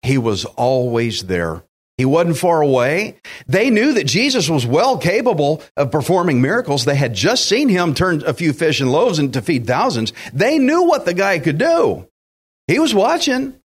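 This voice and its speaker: A man's voice: a little high, very animated, moderate pace, breathy edge. A man preaching a sermon, emphatic and direct, acting out quotes and speaking to listeners as friends. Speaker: pastor.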